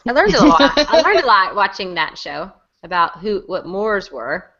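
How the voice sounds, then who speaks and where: A woman chatting casually as a podcast host, jokey and full of quick asides. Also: mid-range voice, expressive, a bit bright. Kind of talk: casual chat. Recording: dull lo-fi recording.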